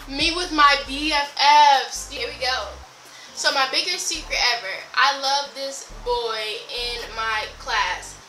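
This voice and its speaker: A woman's voice: sits high, lively intonation, slow pace, sharp tone, roomy sound, a little hiss or hum, rough recording. A teenage girl vlogging casually, reading her old diaries aloud and reacting with gasps, laughs and exclamations. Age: teens.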